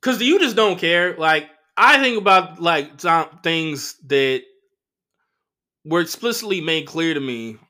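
Brief: male comedian host, solo chat, a touch high, bright and punchy, swears freely. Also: measured pace. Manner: profane, animated storytelling with voiced quotes. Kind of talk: casual solo monologue.

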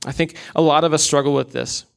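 A man's voice: fairly high pitch, fairly even intonation, quick pace, vocal fry, smooth. A young man preaching a sermon in an earnest, candid way, with casual asides.

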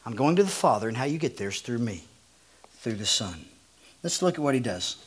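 A man preaching a sermon, dropping to a hushed low voice for scripture and rising when he gets excited. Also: a little fast, husky. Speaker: pastor.

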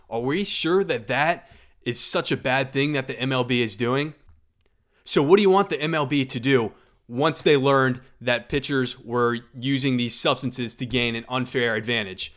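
A man in casual podcast commentary, talking sports with strong opinions. His voice sits at an ordinary middle pitch, and he gets riled up, stacking rhetorical questions as he argues. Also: moderate pace. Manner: animated, argumentative, rhetorical questions. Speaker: podcast host.

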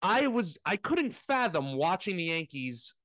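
Animated ranting man with a lively voice. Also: high voice, unhurried, no room sound. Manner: animated ranting, mocking impressions. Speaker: podcast co-host. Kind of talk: casual sports talk.

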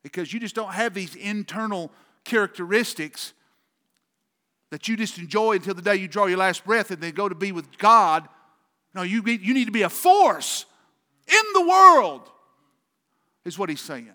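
Pastor guy preaching hard, high sharp voice, big reverby church sound. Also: moderate pace. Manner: emphatic, repetitive preaching cadence. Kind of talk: sermon.

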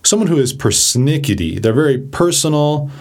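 A man giving a casual vocabulary lesson, chatty and animated, who acts out examples as he explains. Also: fairly high pitch, moderate pace. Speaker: vocabulary teacher.

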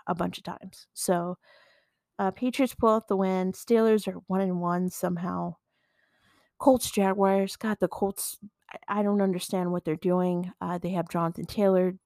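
A woman's voice: fairly low pitch, vocal fry, darkish tone, no echo, studio quality. A woman hosting a podcast, giving a blunt, profane, casual recap of the week's football games. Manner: blunt, profane, quick asides with laughs. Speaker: podcast host.

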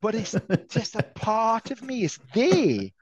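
Animated swearing storyteller man. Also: high-pitched, slow. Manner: animated storyteller, swears freely, acts out voices. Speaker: martial arts podcast co-host. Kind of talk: casual chat.

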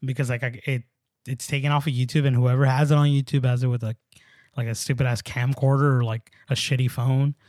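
A man's voice: mid-range voice, flat delivery, a little fast, darkish tone, no room sound, studio quality. A young man co-hosting a casual podcast chat, rambling with lots of fillers and swearing. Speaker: podcast co-host.

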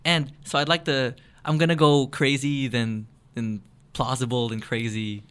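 A man of middle pitch on a casual podcast, talking eagerly and at length. He restarts his sentences often as he builds up an explanation, keeping an easy, chatty tone. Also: little pitch movement, measured pace, a bit bright, clear, resonant tone. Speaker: podcast co-host.

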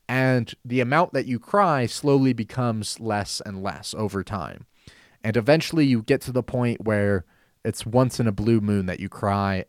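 Male talk-show host, earnest and deliberate, repeats for emphasis; dry booth sound. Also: medium pitch, dry recording. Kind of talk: Christian talk show monologue.

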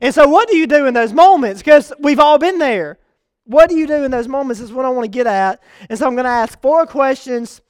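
A young man preaching with a strikingly high, clear, ringing voice. He swings from loud, pleading calls to hushed, confiding asides as he tells a story. The sound is dry and close, with no room echo. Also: expressive, brisk. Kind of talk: sermon.

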